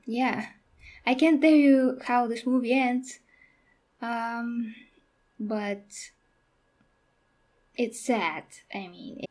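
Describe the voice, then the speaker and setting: Halting young woman reviewing a movie. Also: a little high, darkish tone. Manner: halting, with frequent restarts and fillers. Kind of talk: casual spoken movie review.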